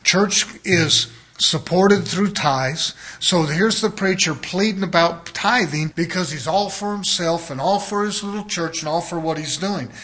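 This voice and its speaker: A man's voice: high-pitched, unhurried, pushed and bright. A man preaching a sermon as a pastor, in a conversational way, often acting out the voices of people he quotes.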